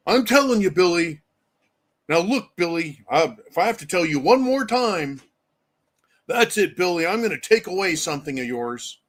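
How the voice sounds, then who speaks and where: Guy putting on a pushover dad nagging his kid, whiny empty threats, bit high. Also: very animated, moderate pace. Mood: pleading, exasperated. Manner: whiny, pleading scolding. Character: exasperated dad making empty threats at a child.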